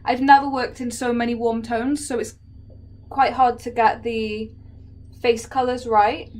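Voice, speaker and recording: A woman's voice: fairly high pitch, flat delivery, a little slow, darkish tone. A woman from England with a Welsh-tinged accent, chatting casually and laughing often as she paints and answers viewers. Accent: Welsh-tinged English. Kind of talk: casual chat while painting.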